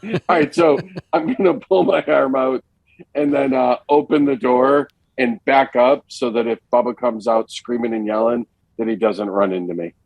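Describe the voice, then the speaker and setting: A man's voice: mid-range voice, fairly even intonation, moderate pace, creaky, a little mellow, no echo, rough recording. A man playing in a tabletop game, talking bluntly, swearing and laughing. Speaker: tabletop player. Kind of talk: casual tabletop game talk.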